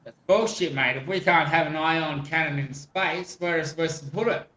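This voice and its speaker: A jokey man with a higher, bright, forceful voice, riffing in a casual chat. He sounds roomy and echoey. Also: moderate pace.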